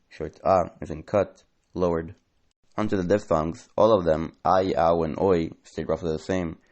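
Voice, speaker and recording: Very deep-voiced man narrating a lesson. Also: darkish tone. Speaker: educational narrator. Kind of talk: scripted narration.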